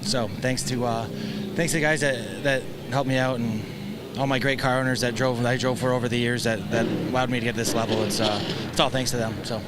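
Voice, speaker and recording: A man speaking at a middle pitch, subdued and halting, with many hesitations. Loud racetrack noise runs behind him throughout. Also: fairly even intonation. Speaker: race driver. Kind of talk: post-race interview. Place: racetrack, outdoors.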